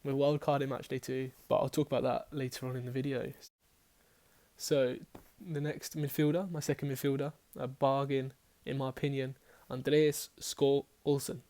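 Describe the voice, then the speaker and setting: A man talks through his fantasy football lineup in a flat, medium-pitched voice with a darkish tone and moderate pace. His chatter is rambling and self-correcting, peppered with casual swearing.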